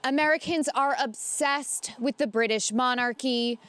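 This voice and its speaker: A woman co-hosting a casual chat, chatty and playful, with quick asides. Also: high voice, fairly bright tone, clean tone, dry recording. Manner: chatty, playful, laughs often. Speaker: co-host.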